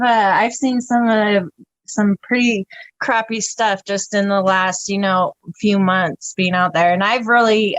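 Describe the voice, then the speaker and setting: A woman guest on a podcast telling stories in casual chat, animated and profane, often breaking into laughter. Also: medium pitch, no echo, highs cut off.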